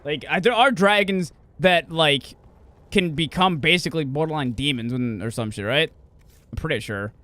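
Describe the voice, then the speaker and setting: A man's voice: a little high, moderate pace, sharp tone, no echo. A man streaming a game, chatting casually and profanely with friends, rambling and correcting himself as he goes. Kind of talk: casual gaming stream chat.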